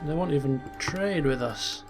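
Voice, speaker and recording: Male game host, chatty, thinks aloud, slight higher pitch, faint music bed. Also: moderate pace. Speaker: gaming channel host. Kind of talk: strategy game commentary with role-play asides.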